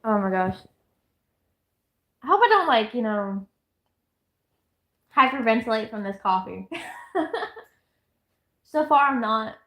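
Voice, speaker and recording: A woman's voice: fairly high pitch, lively intonation, slow, long pauses, bright, forceful tone, reverberant. A woman live-streaming from home, chatting casually and rambling to her viewers and herself. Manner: rambling, giggly, talks to chat and herself. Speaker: livestreamer. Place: at home, indoors.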